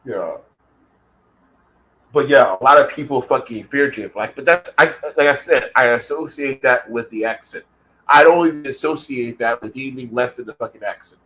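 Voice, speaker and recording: A man's voice: medium pitch, normal speed, sharp tone, poor audio. Heated, profane man on a rant. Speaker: vlogger.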